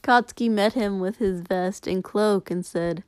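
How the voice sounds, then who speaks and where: A woman narrating a story aloud in a steady, unhurried reading. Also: mid-range voice, smooth. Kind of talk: reading fan fiction aloud.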